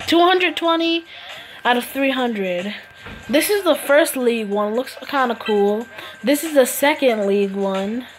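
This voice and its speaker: A woman's voice: fairly high pitch, expressive, a little slow, a little hiss or hum. A woman giving casual commentary while playing a phone game, teasing her opponents playfully. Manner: playful trash-talk, laughs at opponents. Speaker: mobile game player. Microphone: phone screen recorder.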